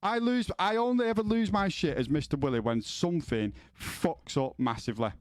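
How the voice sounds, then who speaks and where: A man's voice: a little high, moderate pace, a little mellow, dry recording, studio quality. A man streaming from home, chatting casually with his viewers, rambling and swearing, often stumbling as he starts a sentence. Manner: sweary, rambling, repeats words when starting.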